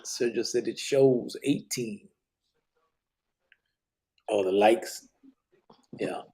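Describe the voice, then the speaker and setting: A man's voice: medium pitch, very slow, mellow, slightly rough. A man hosting a casual live podcast, reading chat comments aloud in a laid-back way, swearing freely and dropping Spanish words.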